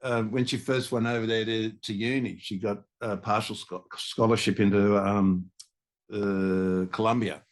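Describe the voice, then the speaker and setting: With a low, fairly even delivery that runs a little slow, this older Australian guest musician spins casual, meandering stories on a podcast, restarting many times along the way.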